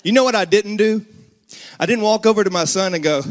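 Man in his thirties, slightly high voice, earnest storytelling preacher with emphatic bursts. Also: lively intonation, fairly quick. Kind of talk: sermon.

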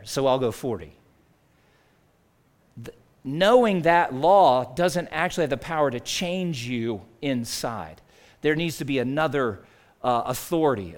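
A man preaching a sermon in a conversational way, rising to loud emphasis and dropping to near-quiet asides. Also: a little high. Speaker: pastor.

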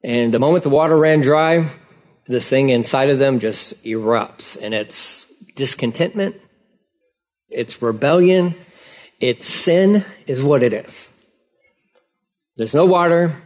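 A male pastor preaching a sermon in a casual, conversational way, acting out dialogue with lively emphasis. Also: mid-range voice, slow pace, long pauses.

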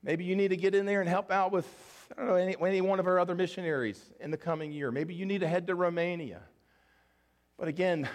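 A male pastor preaching a sermon with an earnest, emotional, pleading delivery. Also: high voice.

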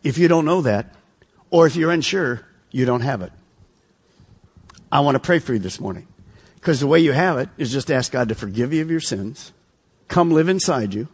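A man's voice: medium pitch, slightly rough. A man, a pastor, preaching a sermon with rhetorical questions and earnest appeals. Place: church sanctuary.

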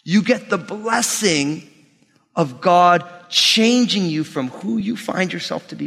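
Male pastor, high voice, animated sermon delivery with humorous asides, long hall reverb. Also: takes it slowly, vocal fry, husky. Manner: animated, rising to shouts and dropping to near whispers.

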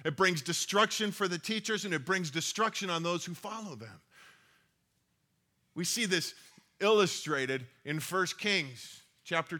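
A male pastor preaches in a relaxed, conversational storytelling manner. His voice is bright and forceful, and it sits a little high for a man. He reads scripture and retells stories as though chatting with his listeners. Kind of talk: sermon.

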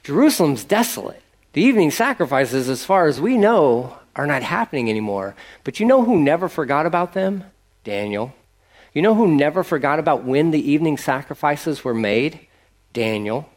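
A man preaching a sermon in a lively, conversational way, acting out little asides. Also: a little high, moderate pace. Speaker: pastor.

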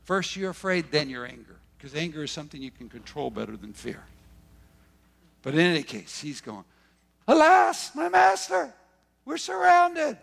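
A man's voice: a little fast, gravelly, a bit bright. A man preaching a sermon as pastor, repeating phrases and swinging his voice up and down for emphasis. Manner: preaching with emphatic repetition and sudden pitch swings.

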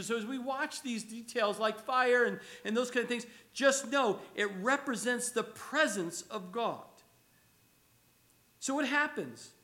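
High-pitched bright-voiced male preacher. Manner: conversational preaching, repeats words, chuckles. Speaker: pastor. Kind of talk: sermon.

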